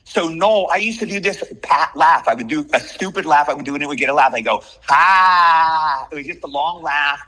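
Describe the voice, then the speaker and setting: Fast-talking, bright-voiced older man. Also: a little high, poor audio. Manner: chatty storyteller, quick and excitable. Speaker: actor and interview guest. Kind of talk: casual interview chat.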